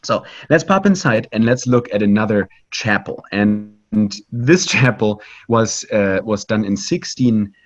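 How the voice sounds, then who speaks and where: Low-voiced man guiding a virtual art tour. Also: unhurried, few pauses, dull audio. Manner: lively and conversational, with frequent fillers, restarts and "right?" tags. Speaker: virtual pilgrimage tour guide. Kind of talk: live online guided art tour.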